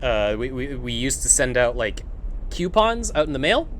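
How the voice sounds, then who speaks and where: A streamer rants in casual, profanity-laced chat while gaming. Their pitch swings widely as they tell the story, and a faint hiss sits under the voice. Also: sing-song, moderate pace. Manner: talks to a pet mid-story. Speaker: streamer playing a video game.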